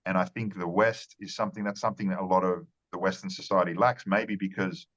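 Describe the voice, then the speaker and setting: A man's voice: deep voice, fairly even intonation, fairly quick, a bit bright, muffled recording. A man giving earnest conversational interview answers as a marketing strategist, often repeating words and restarting phrases.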